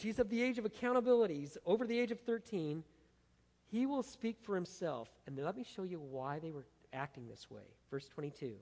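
Male pastor, dramatic sermon delivery, highly animated intonation, long hall reverb. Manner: emphatic, dramatic, acts out the quotes. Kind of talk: expository sermon.

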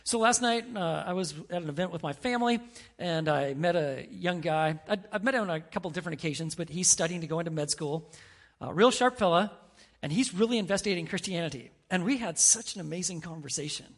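A middle-aged man preaching a sermon as pastor, telling stories with animated quoted voices. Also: fairly high pitch, quick pace.

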